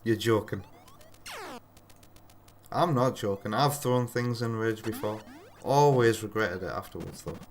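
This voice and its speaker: A man's voice: on the low side, unhurried, pauses often. A man chatting through live gameplay commentary, self-deprecating and answering his chat. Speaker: streamer. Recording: game music behind the voice. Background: game music.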